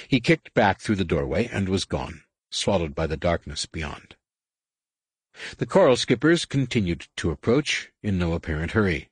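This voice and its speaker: Deep, husky male narrator. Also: big pitch swings, moderate pace, no echo. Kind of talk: audiobook narration.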